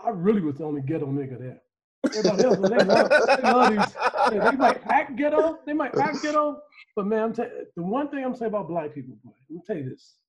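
Man, high lively voice, profane storyteller, podcast chat, dull recording. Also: quick pace, a crowd in the background. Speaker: podcast co-host. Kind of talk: casual podcast banter.

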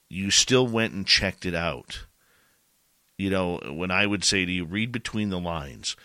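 A man's voice: deep voice, pushed and bright, clean tone, no echo, clean studio sound. A man hosting a podcast, talking in an earnest, rambling way with many fillers. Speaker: podcast host. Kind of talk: casual heartfelt chat.

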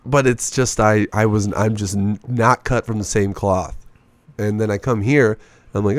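A man's voice: lowish voice, moderate pace, no room sound. A man in his twenties telling rambling, profane stories in a casual podcast chat as a comedian guest. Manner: profane, rambling, animated storytelling.

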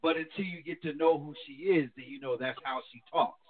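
A man from New Jersey talks frankly and thoughtfully as a pastor on a call-in style show. His voice sits a little high for a man, and it comes through thin and narrow like a phone call. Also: a little fast. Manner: candid, reflective, animated when quoting his wife. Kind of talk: casual talk show conversation. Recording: tinny phone line.

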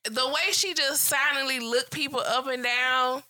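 A woman's voice: high voice, steady tone, a little slow, pushed and bright. A young woman co-hosting a casual podcast recap, laughing and acting out what people said. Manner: laughing, quotes people in put-on voices. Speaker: podcast co-host. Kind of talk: casual chat recapping reality TV.

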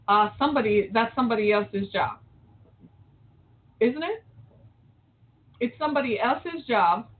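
A middle-aged woman host from the Detroit area, giving an impassioned opinion monologue full of rhetorical questions. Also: on the high side. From Metro Detroit, Michigan. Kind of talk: opinion talk show monologue. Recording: tinny phone-like audio.

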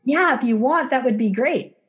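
A woman's voice: high-pitched, lively intonation, moderate pace, breathy edge. A woman hosting a podcast interview, chatty and encouraging as she introduces her guest. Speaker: podcast host.

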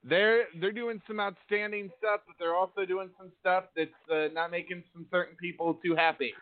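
A man hosting a casual wrestling podcast, with a voice pitched a little high. He rambles through his points and laughs at his own jokes. The sound is narrow, like a phone call. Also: steady tone, normal speed. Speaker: podcast host.

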